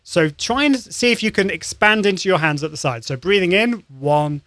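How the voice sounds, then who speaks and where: Upbeat man coaching voice warm-ups. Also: high voice, animated, moderate pace, no echo, studio quality. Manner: upbeat and encouraging, demonstrates sounds; conversational with frequent restarts. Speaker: live-stream show host, voice coach. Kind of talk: live-streamed voice warm-up lesson.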